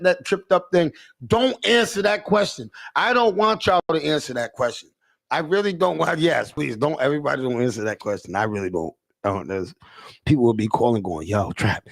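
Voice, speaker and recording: A man hosting a livestream, ranting in a casual, animated way, repeating himself and mimicking callers. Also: a little high, creaky. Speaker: livestream host.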